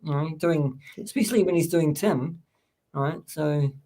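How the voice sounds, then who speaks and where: A man hosts a casual live-streamed chat with a fairly high voice and a slightly slow pace. He talks loosely and rambles, packing in fillers and restarts while warmly thanking the chat.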